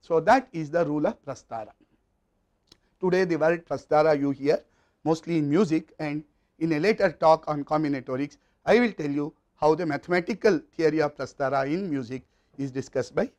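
A man's voice: fairly high pitch, fairly quick, a little mellow. A man with an Indian English accent giving a university lecture, explaining step by step in a methodical way.

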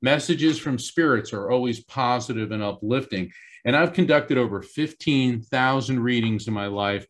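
A man's voice: mid-range voice, moderate pace. A man on a video call, earnestly telling a story in an interview, emphatic and heartfelt. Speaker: psychic guest.

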